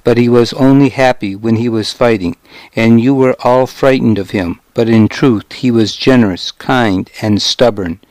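A man's voice: medium pitch, normal speed, dry recording, lightly acted. A man voicing a fierce, stubborn noblewoman in an audiobook. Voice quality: soft, firm.

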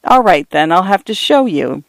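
A man voicing a divorced father who teases his young daughters gently and playfully. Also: high-pitched, sing-song, moderate pace, gravelly, no echo, full character voice. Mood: tender.

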